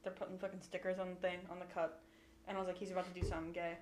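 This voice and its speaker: A woman's voice: fairly low pitch, level tone, racing, darkish tone. A woman co-hosting a casual show recap, swearing a lot and retelling scenes in playful mock voices. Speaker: podcast co-host. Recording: echoey room with faint ambient noise.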